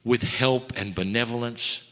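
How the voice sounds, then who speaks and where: Man channeling in a reverberant hall. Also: mid-range voice. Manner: slow, gentle address to listeners as dear ones. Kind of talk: spiritual channeling talk.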